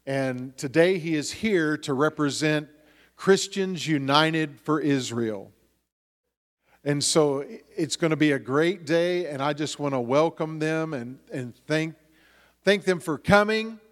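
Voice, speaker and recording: A man pastoring a church, introducing a guest speaker in a halting way with repeated words. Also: fairly high pitch, long reverb tail. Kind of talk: church announcement. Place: church sanctuary.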